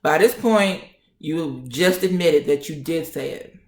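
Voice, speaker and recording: A woman in her twenties telling a personal story in a feisty, animated way. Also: low voice, measured pace. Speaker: vlogger. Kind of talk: casual storytime. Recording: roomy echo.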